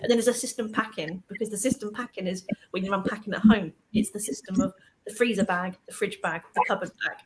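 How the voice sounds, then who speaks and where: A woman chatting as a guest, animated and laughing often as she talks. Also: mid-range voice, fast talker, background noise. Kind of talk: casual chat.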